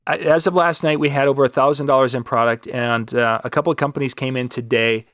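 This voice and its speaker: A man in the middle of his range chats on a live web show, rambling and restarting as he pitches a contest. His voice is close and dry, with no room around it. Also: steady tone, fast talker, a bit bright, no room sound. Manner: rambling, restarts and fillers, upbeat promo talk. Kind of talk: casual live-stream chat.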